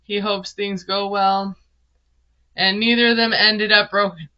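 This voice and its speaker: A woman's voice: medium pitch, level tone, a little slow, clear, resonant tone, lo-fi sound. A woman, recapping a reality show in casual, sarcastic commentary. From Minnesota. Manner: chatty, sarcastic, laughs often. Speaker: TV recap vlogger.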